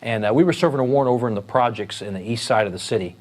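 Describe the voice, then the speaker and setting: A man, a police sergeant, telling a story in a relaxed, conversational way with frequent fillers and restarts. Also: mid-range voice, racing. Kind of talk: storytelling talk.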